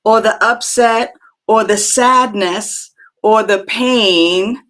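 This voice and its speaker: A woman hosting a live spiritual talk show, speaking gently and reflectively with many fillers and restarts as she answers chat comments. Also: fairly high pitch, slow pace.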